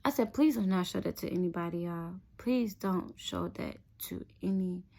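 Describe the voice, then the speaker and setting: A woman's voice: lowish voice, moderate pace, creaky. A young adult woman telling a personal story in a casual, chatty vlog, often addressing her viewers directly. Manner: chatty, animated, keeps addressing viewers as "y'all".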